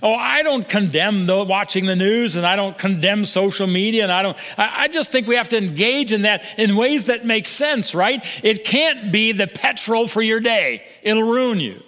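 A man's voice: high-pitched, expressive, normal speed, few pauses. Earnest older male preacher in a reverberant hall. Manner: earnest, with repeated restarts and soft drops to near-whisper for emphasis. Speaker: pastor. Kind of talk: sermon.

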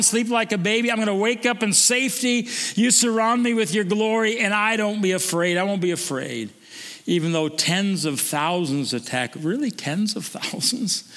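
A male preacher with a high-pitched voice delivers a sermon. He swings from emphatic declaiming down to soft, low musing. The sound rings with a long hall reverb. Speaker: pastor.

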